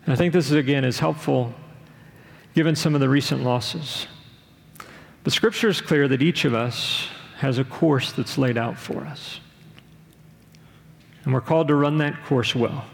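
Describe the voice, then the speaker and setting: A middle-aged man preaching a sermon in an earnest, measured way, often asking his listeners direct questions. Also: on the high side, vocal fry. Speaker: pastor. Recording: long reverb of a large hall.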